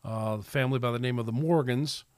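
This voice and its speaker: A man's voice: medium pitch, fast, darkish tone, dry recording, studio quality. A man hosting a casual solo podcast, rambling and preachy, with many restarts and fillers. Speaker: podcast host.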